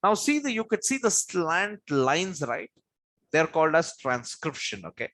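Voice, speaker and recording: A man teaching pronunciation in a classroom lecture. He asks his own questions, answers them himself and spells out letters slowly. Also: fairly high pitch, big pitch swings, fairly bright tone. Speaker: English teacher.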